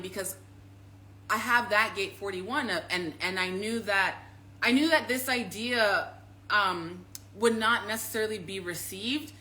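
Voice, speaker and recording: A woman talking casually as a spiritual teacher, emphatic and repetitive, swearing freely and swinging from loud to hushed and confiding. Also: mid-range voice, unhurried. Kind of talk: casual live-stream talk.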